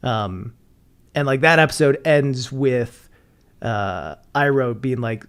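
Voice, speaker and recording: A man's voice: medium pitch, takes it slowly, a bit bright, smooth. A man talking casually on a podcast, analytical and rambling with lots of filler words. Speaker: podcast co-host.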